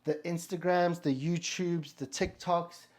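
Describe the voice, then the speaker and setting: A man's voice: a little high, steady tone, unhurried, darkish tone. Blunt, swearing motivational man. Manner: blunt, heavy swearing, emphatic. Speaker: motivational podcast host. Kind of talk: motivational monologue.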